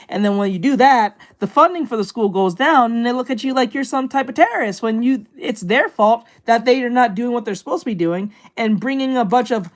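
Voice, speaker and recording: A woman's voice: a little high, fairly quick, hardly any pauses. A woman hosting a reaction video speaks in casual commentary. She is blunt and swears freely. She rambles with frequent restarts. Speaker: reaction channel host.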